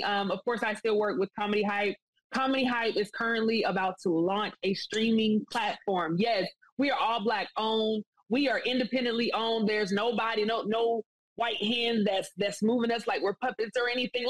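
A woman's voice: medium pitch, steady tone, moderate pace, dry recording, low-quality recording. A woman speaking as an interview guest, earnest and enthusiastic, talking at length in a casual, rambling way.

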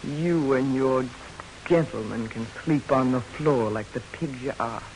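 A woman's voice: very deep voice, unhurried, a little mellow, slight background noise, low-quality recording. An actress playing a blunt, protective frontier widow and mother in an old radio drama. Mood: determined. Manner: blunt, threatening and commanding. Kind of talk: 1940s radio acting.

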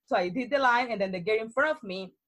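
A young woman from Colombia with a Colombian Spanish accent, a native Spanish speaker, chatting casually as a guest and telling stories in an outgoing, animated way with frequent laughter. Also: fairly high pitch, fast. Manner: outgoing, animated storyteller who laughs often. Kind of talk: casual conversation.

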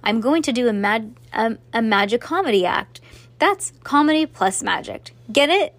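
A woman's voice: on the high side, lively intonation, moderate pace, no room sound. A woman voicing a nervous, stammering young boy magician as she reads. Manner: stammering, rambling.

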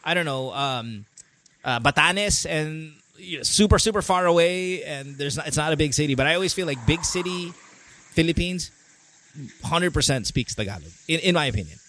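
Host: animated man, lively pitch, joking and swearing. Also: normal speed. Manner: animated, joking, swears, switches into Tagalog phrases. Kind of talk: casual call-in chat.

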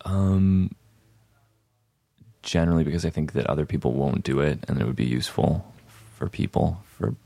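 A young man answering interview questions in a terse, flat, understated way. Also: very deep voice, normal speed, creaky, no echo. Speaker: guest. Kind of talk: casual interview chat.

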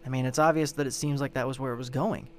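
A man's voice: medium pitch, fairly even intonation, fast talker. A man hosting a show, giving a casual, rambling recap of a true-crime story and swearing in exasperation as he goes. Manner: profane, exasperated, rambling retelling. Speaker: show host.

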